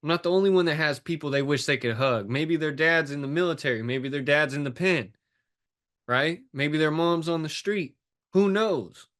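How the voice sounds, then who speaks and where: A man's voice: on the high side, moderate pace, fairly bright tone. Guest coach, man, emotional and intense, plain-spoken, swears. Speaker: guest, fitness and life coach. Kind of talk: impassioned interview talk.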